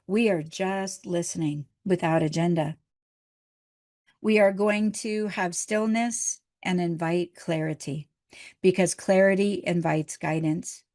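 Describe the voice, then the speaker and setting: A middle-aged woman minister giving a gentle, encouraging, conversational sermon. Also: lowish voice.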